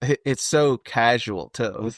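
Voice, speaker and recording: A young man co-hosting a podcast, chatting casually about a movie in a relaxed way, thinking aloud with "uh" and "dude.". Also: mid-range voice, slow pace, no room sound, clean studio sound. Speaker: podcast co-host.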